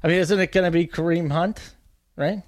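A man's voice: a little high, steady tone, brisk, no room sound, clean studio sound. Chatty self-deprecating male radio guest. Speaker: fantasy football analyst, radio guest. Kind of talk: casual sports radio banter.

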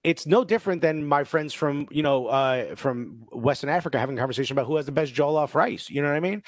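A man's voice: a little high, fast talker, no room sound. A man of Cuban heritage co-hosting a casual chat, telling stories with lots of "you know" and acted-out quotes. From Cuban-American background. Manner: animated storyteller, acts out quoted voices, many "you know"s. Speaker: podcast co-host.

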